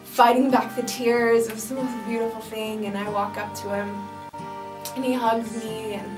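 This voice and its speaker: Young woman, gushing, emotional recollection, higher voice, distant echoey sound. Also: fairly even intonation, normal speed. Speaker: bride telling her proposal story. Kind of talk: heartfelt interview recollection. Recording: echoey room, distant mic, music behind.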